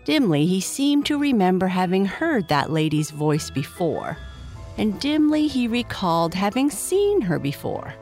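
A woman reading a children's story aloud, gently lifting her pitch for the characters. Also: sing-song, a little slow, faint music behind.

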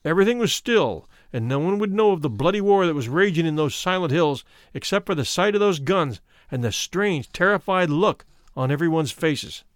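A man narrating a first-person memoir as an audiobook in a measured, solemn manner. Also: on the high side, animated, no echo, studio quality.

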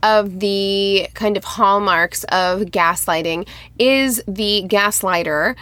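Bright, crisp-voiced woman explaining. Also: mid-range voice, slow pace, dry recording. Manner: explanatory, matter-of-fact. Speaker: podcast co-host. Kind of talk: casual chat explaining a concept.

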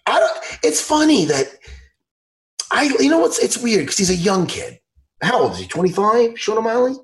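Animated high-voiced man hosting a chat. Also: moderate pace. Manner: animated, excitable, laughs a lot, acts out impressions loudly. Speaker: podcast host. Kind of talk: casual chat.

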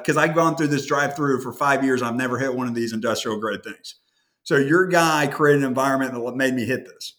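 A man's voice: mid-range voice, a bit bright. A man from the American Midwest hosting a podcast, telling a long anecdote in a rambling, self-interrupting, casual way. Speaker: podcast host. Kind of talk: casual conversational storytelling.

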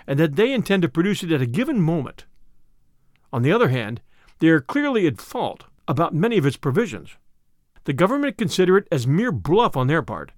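A man reading aloud as a weary older male spymaster, measured and grave. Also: a little high, dry recording, clean studio sound.

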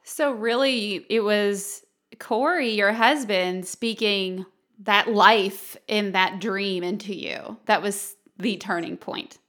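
Brief: woman podcast host, mid-pitched, affirming interviewer. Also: takes it slowly. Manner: warmly affirming, asks thoughtful questions. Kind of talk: conversational interview.

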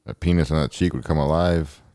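A man co-hosting a podcast in casual chat, joking with quick, profane comebacks. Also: very deep voice, mellow, no echo, studio quality. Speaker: podcast co-host.

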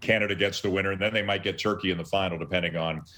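Low-voiced male sportscaster, enthusiastic. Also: steady tone, pushed and bright. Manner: enthusiastic, halting restarts, analytical. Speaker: guest sports broadcaster. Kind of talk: casual sports talk interview.

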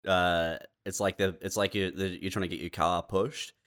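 A laid-back man with a lowish voice, riffing in casual comedy chat. He laughs easily and builds jokes out of absurd scenarios. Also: steady tone, normal speed, a bit bright. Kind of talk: casual banter.

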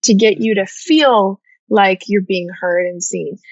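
A woman who is a former therapist, guest on a casual podcast, talking emphatically with quick agreeing interjections. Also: mid-range voice, dry recording, muffled recording.

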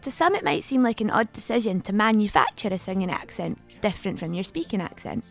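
A woman hosting a documentary podcast, narrating from a script and asking interview questions in a clear, measured way. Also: mid-range voice, big pitch swings, faint music behind.

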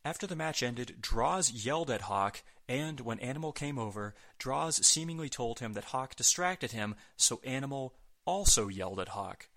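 A man's voice: medium pitch, animated, moderate pace, few pauses, sharp tone. A man hosting a podcast, reading a scripted recap with wry, sarcastic asides. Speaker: podcast host. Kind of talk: scripted wrestling recap narration.

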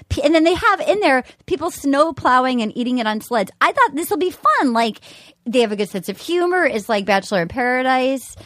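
A woman co-hosting a podcast, talking fast and loose with lots of laughs and swearing. Her voice sits high and swings all over the place. The sound is dry and close. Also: no echo. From New England, US. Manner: animated, laughing, profane gossip. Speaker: podcast co-host. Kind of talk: casual podcast chat.

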